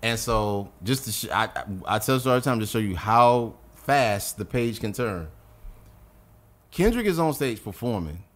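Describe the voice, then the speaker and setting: A middle-aged man from North Carolina, a guest rapper on a podcast, telling stories in a casual, profane and animated way and acting out quotes. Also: medium pitch, moderate pace. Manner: animated, profane storyteller who acts out quotes.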